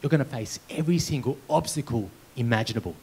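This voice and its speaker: A man's voice: medium pitch, fast talker, a little mellow, slightly rough. A man doing a solemn fortune-telling monk.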